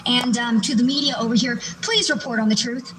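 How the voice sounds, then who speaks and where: A woman's voice: fairly high pitch, brisk, background noise. A woman speaking at a roundtable, emotional and urgent, pleading her case. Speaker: roundtable guest. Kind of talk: impassioned statement at a roundtable.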